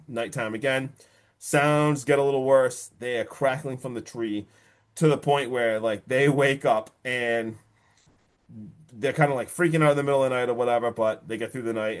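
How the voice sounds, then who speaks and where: A man hosting a podcast, recapping a horror film in a casual, animated way, with loose swearing and a lot of buildup before each reveal. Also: medium pitch. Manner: animated storytelling, casual swearing, repeats "guess what".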